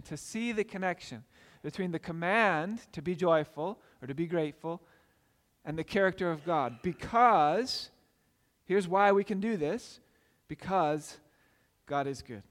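A man's voice: on the high side, big-room sound. A man preaching a sermon as pastor, earnest and repeating key phrases for emphasis.

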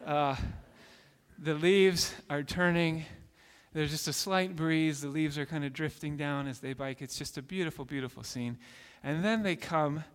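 High-voiced man preaching in a reverberant hall. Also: measured pace, clean tone. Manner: storytelling, earnest and repetitive with restarts. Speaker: pastor. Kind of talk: sermon.

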